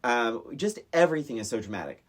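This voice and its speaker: A man co-hosting a podcast in casual chat, excitable, laughing often as he acts out film scenes. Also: mid-range voice, a little fast. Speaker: podcast co-host.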